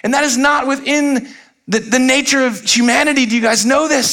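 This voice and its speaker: A man preaching a sermon, moving from animated rhetorical questions to hushed, slow scripture reading. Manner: expressive preaching, swinging from loud animated peaks to quiet low passages; conversational asides and rhetorical questions. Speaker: pastor.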